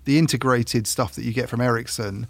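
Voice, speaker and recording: A man's voice: mid-range voice, fairly even intonation, fairly bright tone, no room sound. A man chatting casually as a podcast co-host, often stumbling and repeating words as he explains. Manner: halting, repeats words, restarts. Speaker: podcast co-host, tech journalist. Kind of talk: casual chat.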